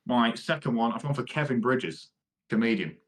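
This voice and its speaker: A young man co-hosting a casual podcast, relaxed and easygoing, bantering with laughs. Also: mid-range voice, moderate pace. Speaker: podcast co-host. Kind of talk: casual chat.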